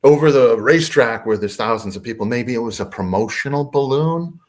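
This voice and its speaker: Older male guest, animated storyteller, swinging pitch, mid-range voice. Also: brisk. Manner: animated, acts out voices in his anecdotes. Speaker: podcast guest. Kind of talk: casual storytelling.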